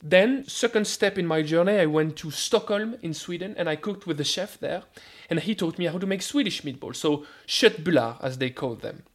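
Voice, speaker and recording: French-accented male food scientist, high voice, lively radio guest. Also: moderate pace, hardly any pauses. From France. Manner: animated, repeats words when starting sentences. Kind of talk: radio interview.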